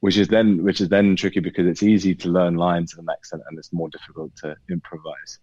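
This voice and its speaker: A man with a British accent and a very low voice talks through his craft in a relaxed, thoughtful way, circling back and restarting often. The recording is dry and a little muffled. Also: brisk, slightly rough, dry recording. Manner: thoughtful, many restarts and hedges. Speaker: actor guest. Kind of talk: casual interview chat.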